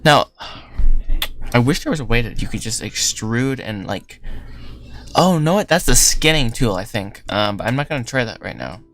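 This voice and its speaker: A man's voice: mid-range voice, very animated, normal speed, fairly bright tone. A young man hosting a casual livestream, talking loosely while he works, rambling, trailing off and laughing often. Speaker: livestream host. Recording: faint lofi music behind.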